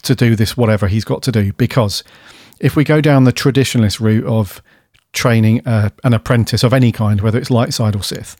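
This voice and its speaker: A man's voice: medium pitch, brisk, few pauses, a little mellow, no echo, studio quality. A man co-hosting a podcast, musing and hedging through long, rambling questions. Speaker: podcast co-host. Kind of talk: casual chat. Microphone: studio dynamic mic.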